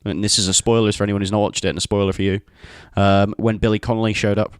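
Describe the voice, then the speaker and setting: Fast-talking, teasing young man. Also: fairly low pitch, flat delivery, clear, resonant tone, no room sound, clean studio sound. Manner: brash, teasing, swears freely. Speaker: podcast host. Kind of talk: casual chat.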